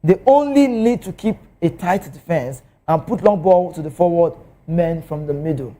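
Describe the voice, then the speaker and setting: Nigerian male TV football pundit, pitched high, mellow tone, excitable delivery. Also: moderate pace. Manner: animated, excitable, swings pitch. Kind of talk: TV football commentary in Pidgin. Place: TV studio.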